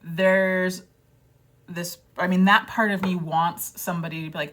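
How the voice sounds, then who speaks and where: A woman's voice: fairly low pitch, fairly even intonation, measured pace, fairly bright tone. A woman vlogger chatting casually and self-deprecatingly, rambling with fillers and dropping into quoted voices. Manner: rambling with many fillers and restarts. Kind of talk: casual chat to camera.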